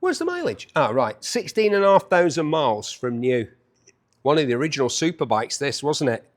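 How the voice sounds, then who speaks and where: A man's voice: fairly high pitch, sing-song, brisk. A man in his fifties hosting a chatty, jokey walkaround preview of bikes up for auction. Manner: chatty, enthusiastic, jokey asides.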